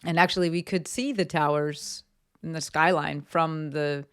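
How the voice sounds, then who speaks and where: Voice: mid-range voice, fairly even intonation, normal speed, smooth. A candid, chatty podcast host from New Jersey, talking solo about business. The delivery is loose and conversational, full of fillers and the odd swear word. It is recorded in a home office.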